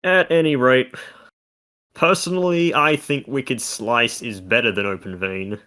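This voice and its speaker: A man's voice: medium pitch, unhurried, sharp tone. A man co-hosting a casual video game discussion, talking through stats and mechanics in detail. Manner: analytical, talks through game numbers. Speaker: content creator co-host.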